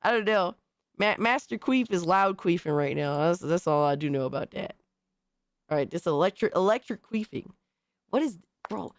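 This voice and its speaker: A woman hosting a casual livestream, reacting to things in an excitable, slangy, profane way. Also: lowish voice, normal speed, no echo, studio quality. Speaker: livestream host.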